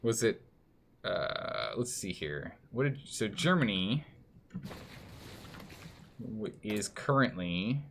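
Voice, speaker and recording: A man's voice: fairly low pitch, sing-song, slow pace, pauses often, fairly bright tone, a little hiss or hum. A man streaming a strategy game and commenting live, thinking aloud and scolding the game's nations in mock outrage.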